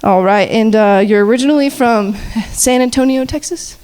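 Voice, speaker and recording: A woman emcees a panel at a campus chapel, ribbing each guest with jokey questions. Her voice sits a little high. She laughs easily and keeps things light on a handheld mic. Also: normal speed, crowd noise. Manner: teasing, jokey, laughs often. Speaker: panel host at a chapel service. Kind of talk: playful interview questions. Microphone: handheld mic shared with guests.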